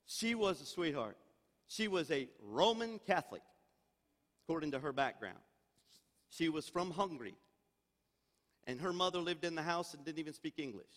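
A man's voice: on the high side, lively intonation, moderate pace, long pauses, a bit bright. An older man preaching a sermon as senior pastor, emphatic and calling out for amens. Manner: emphatic preaching, calls for amen. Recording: reverberant church hall.

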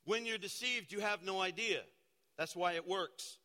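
A man, a pastor, preaching a sermon with dramatic storytelling that swings from loud to hushed. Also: high-pitched, moderate pace. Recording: long hall reverb.

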